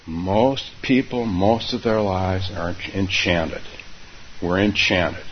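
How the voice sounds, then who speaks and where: A meditation teacher gives a dharma talk, speaking unhurriedly and repeating his phrases. His voice is low and his pace slow, captured on a dull recording with faint hiss.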